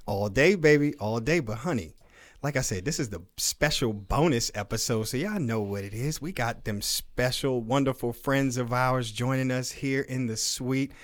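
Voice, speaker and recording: A male podcast host with a mid-pitched voice, talking loose and slangy. He keeps things hyped and laughs easily while passing the mic around. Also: moderate pace. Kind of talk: casual podcast chat.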